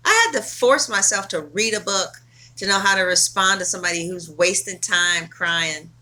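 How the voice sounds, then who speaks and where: A woman's voice: fairly low pitch, measured pace, pushed and bright. A woman tarot reader talking casually to camera, blunt, emphatic and full of swearing.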